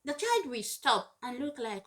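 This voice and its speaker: Earnest, high-voiced woman giving parenting advice. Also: sing-song, unhurried, a bit bright. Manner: earnest and emphatic, repeats points for weight; acts out scolding parents in raised voices. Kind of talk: direct-to-camera advice talk.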